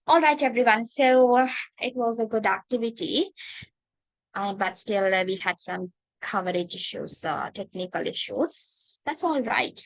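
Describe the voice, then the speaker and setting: A woman with a Sri Lankan accent teaching English in an online class. She is patient, calls students darling and dear, and pauses often with "uh". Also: fairly high pitch, dry recording, rough recording. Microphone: video call.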